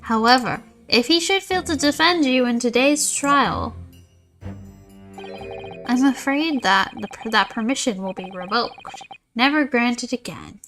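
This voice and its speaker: A woman reading aloud the lines of a composed official man from a visual novel, formal and measured. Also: a little high, lively intonation, a bit bright, soft background music. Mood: grave.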